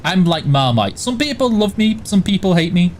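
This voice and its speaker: A man with a mild, toned-down Yorkshire accent hosts a live stream and reads out chat questions. He answers in a casual, matter-of-fact way. His voice sits a little higher than usual, with faint noise behind it. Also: sing-song, normal speed. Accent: mild Yorkshire English. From West and South Yorkshire border, England. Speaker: stream host reading chat.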